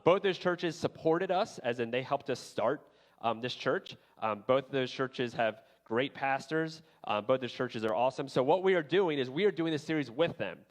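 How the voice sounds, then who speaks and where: A man in his thirties, a pastor, preaching a sermon and telling a personal story in a casual, chatty way with many fillers. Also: fairly high pitch. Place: church sanctuary.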